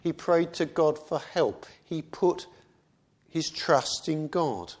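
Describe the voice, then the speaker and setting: A man's voice: fairly high pitch, animated, takes it slowly. A man preaching a sermon in a conversational way, often asking rhetorical questions.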